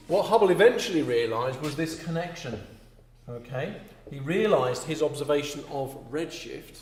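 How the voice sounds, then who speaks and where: This is a classroom lecture on astronomy, where a man explains step by step and keeps checking with "okay?". His voice is medium-pitched with a darkish tone, and the room is echoey with a faint hum.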